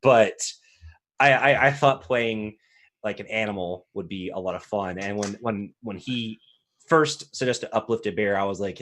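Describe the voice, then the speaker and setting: A man's voice: on the low side, measured pace, a bit bright. Giggly man from South Carolina. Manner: laughing often, rambling with restarts. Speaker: player on the show. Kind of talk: casual podcast chat.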